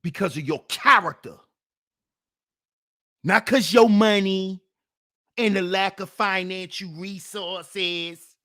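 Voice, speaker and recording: This livestream host's voice sits high, and he takes it slowly with frequent pauses. His commentary is fired-up and preachy, full of rhetorical questions, shifting between booming challenges and sarcastic muttering.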